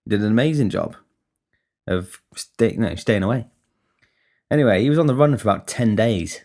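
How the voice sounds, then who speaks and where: Deep-voiced sweary man. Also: moderate pace. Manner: sweary, rambling, animated. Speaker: podcast host. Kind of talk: casual storytelling.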